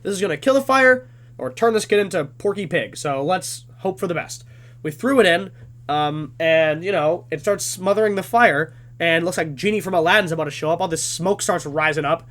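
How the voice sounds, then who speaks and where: High-voiced young man telling a funny story. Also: a little fast. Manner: animated, self-deprecating, with crude jokes. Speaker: storytime animator. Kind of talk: comedic storytime narration.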